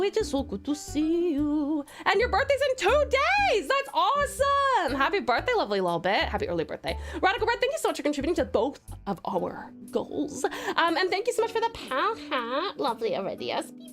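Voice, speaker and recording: A woman streamer greeting her chat one by one in an affectionate, doting, bubbly way, with faint music behind. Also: very high voice. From Australia. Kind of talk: casual live-stream chat.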